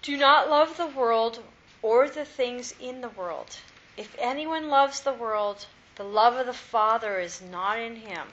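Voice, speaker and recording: A woman reading scripture aloud in a steady, measured way during a Bible study. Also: on the high side. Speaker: scripture reader. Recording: dull lo-fi recording.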